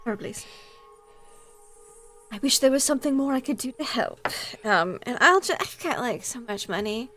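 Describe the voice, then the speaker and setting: A woman's voice: fairly high pitch, lively intonation, normal speed, fairly bright tone, soft background music. A woman playing a tabletop role-playing game, playfully speaking in and out of character as a wealthy mother. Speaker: player.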